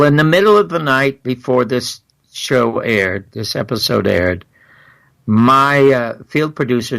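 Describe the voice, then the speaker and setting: An older man with a gravelly, crackling voice, speaking as an interview guest. He tells long stories at a middle pitch and slips into lively acted-out dialogue. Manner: animated, acts out quoted exchanges.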